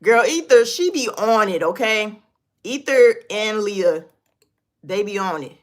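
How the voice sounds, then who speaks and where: A woman's voice: medium pitch, lively intonation, takes it slowly. A woman hosting a casual beauty livestream from her desk, chatting loosely and talking straight to her viewers while reading their comments.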